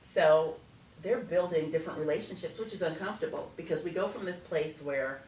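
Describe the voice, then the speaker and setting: A middle-aged woman speaking as an interview guest, an animated storyteller who acts out family conversations. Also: low voice, fairly quick. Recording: echoey room, distant from mic, faint noise.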